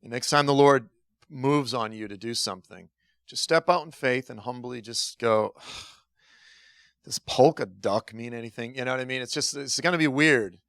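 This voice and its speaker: A man's voice: medium pitch, normal speed, clear, resonant tone, dry recording, clean studio sound. A middle-aged man preaching a conversational sermon, telling stories with acted-out dialogue and laughing at himself. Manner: animated storytelling, acts out dialogue, laughs at himself.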